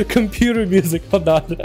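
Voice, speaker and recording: A young man hosts a casual gaming livestream, rambling and joking with his chat. His voice sits fairly high but has a mellow, soft tone. Faint music plays behind him. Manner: chatty, rambling, jokey, talks to chat. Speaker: livestream host. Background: faint background music.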